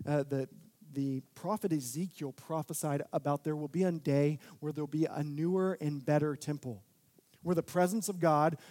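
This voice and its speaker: A young man preaching a sermon, talking casually, then building to loud, emphatic peaks. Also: a little high. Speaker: pastor.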